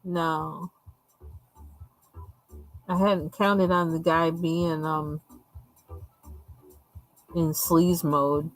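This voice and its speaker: A woman's voice: deep voice, level tone, extremely slow, long pauses, faint music behind, low-quality recording. A woman from the United States hosting a live coloring stream, chatting casually, laughing often and acting out the lines she quotes. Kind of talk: casual storytelling chat.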